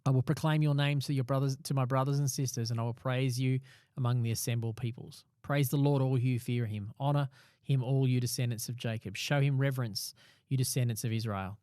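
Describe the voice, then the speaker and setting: A man's voice: mid-range voice, fairly even intonation, a little fast, dark tone, no room sound, clean studio sound. A man co-hosting a casual Bible discussion, explaining passages and reading a psalm aloud with rising emphasis. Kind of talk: casual Bible study chat.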